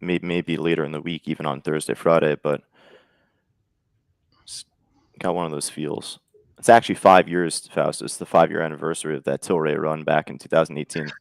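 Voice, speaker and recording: A very deep, gravelly male voice recorded dry and close. He hosts a live trading show in a loose, easygoing, chatty way. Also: brisk, dry recording. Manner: relaxed, conversational, lots of fillers. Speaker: day trading show host. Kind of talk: casual live trading chat.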